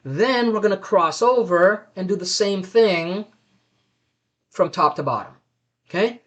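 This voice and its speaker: A man's voice: sits high, animated, unhurried, fairly bright tone. A man leading a live online self-development class over a webcam, guiding exercises and repeating affirmations aloud.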